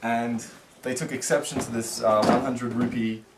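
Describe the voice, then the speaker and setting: A man's voice: mid-range voice, normal speed. A man casually recounting a travel mishap, acting out what people said. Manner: animated, acts out quotes. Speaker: travel vlogger. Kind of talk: casual storytelling. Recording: echoey with light noise.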